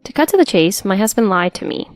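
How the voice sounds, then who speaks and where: A woman's voice: medium pitch, sing-song, fast talker, no echo, faint music behind. A woman reading a first-person drama story as narrator, in an earnest, emotional storytelling manner.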